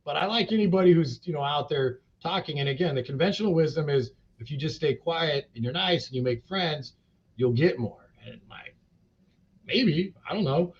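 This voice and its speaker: On dull, lo-fi podcast audio, a man with a voice on the high side speaks at a moderate pace as a cannabis company CEO being interviewed. His casual talk is blunt, profane, rambling, and full of fillers.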